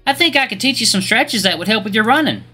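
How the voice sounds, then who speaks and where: Guy putting on a sugary condescending girl voice, high and bright, lots of lilt. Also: animated, fast, husky, faint music behind, heavily acted. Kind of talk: video game dialogue read aloud.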